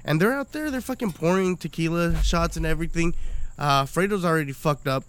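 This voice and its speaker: High-voiced young man telling rowdy stories. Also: brisk, smooth. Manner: profane rambling storyteller, laughs often. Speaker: podcast guest. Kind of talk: casual podcast chat.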